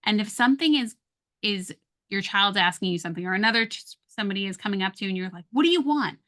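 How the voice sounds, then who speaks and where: Woman guest, coaching tone, mid-pitched, gently demonstrates phrasing, podcast chat. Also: fast. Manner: calm, coaching, acts out soft and sharp tones. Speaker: guest, parenting communication coach. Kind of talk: conversational advice on a podcast.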